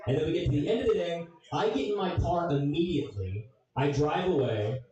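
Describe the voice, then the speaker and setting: A young man doing a stand-up comedy set, telling a story with swearing and loud funny voices. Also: a little high, expressive, fairly quick. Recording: echoey room, distant mic.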